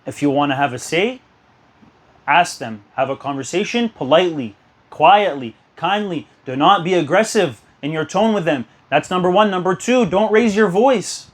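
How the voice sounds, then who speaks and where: A man's voice: sits high, lively intonation, moderate pace. A young man giving an earnest sermon to a youth gathering, telling stories and urging listeners. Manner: earnest, exhortative, storytelling. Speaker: youth speaker.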